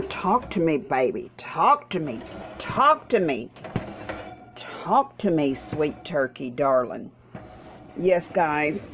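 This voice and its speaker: A woman with a fairly low voice chats slowly and lovingly through a home cooking vlog. She is playful and doting, with delighted exclamations. Faint kitchen noise sits behind her. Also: very animated. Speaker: home cook vlogger.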